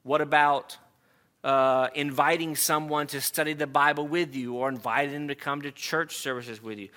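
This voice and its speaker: A man's voice: a little high, steady tone, normal speed, bright, forceful tone. A man preaching an earnest sermon to a congregation, reading scripture aloud and stressing key words. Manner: earnest, reads scripture aloud, emphatic asides.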